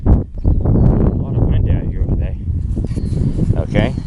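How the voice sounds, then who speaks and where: A middle-aged man talks in a folksy, jokey way while hosting a casual video outside. His pitch swings up and down a lot as he talks. Steady wind noise rushes over the camera mic in an open rural yard. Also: phone-quality sound. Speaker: video host. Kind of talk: casual outdoor vlog. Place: outdoors in a windy rural yard.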